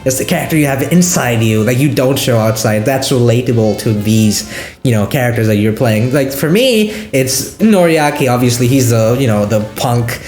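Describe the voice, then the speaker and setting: A man interviewing his voice cast, hyper and excitable, often stumbling over his words. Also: medium pitch, normal speed, roomy sound, faint music behind. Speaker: interviewer and show creator. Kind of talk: casual interview.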